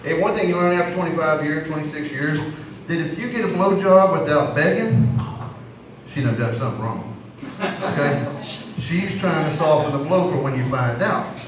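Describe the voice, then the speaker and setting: Folksy comic in an echoey room. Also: male voice, a little high, moderate pace, crowd noise. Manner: rambling, folksy storytelling with restarts. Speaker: stand-up comedian. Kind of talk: amateur stand-up comedy. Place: live comedy venue. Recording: echoey room, distant mic, noisy ambience.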